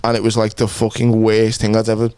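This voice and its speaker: A young man, co-hosting a podcast, who teases and reacts quickly. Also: on the low side, completely flat delivery, darkish tone, smooth. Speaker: podcast co-host. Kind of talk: casual chat.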